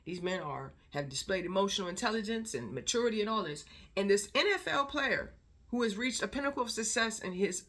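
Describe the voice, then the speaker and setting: A woman's voice: mid-range voice, expressive, a little fast, a bit bright. A woman vlogger in casual commentary, talking emphatically and repeating words for stress.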